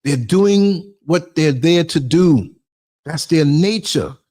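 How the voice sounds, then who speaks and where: A man with a slightly high voice takes his time through a motivational podcast monologue. He's from New York, blunt and streetwise, and he tells animated stories, acting out the quotes.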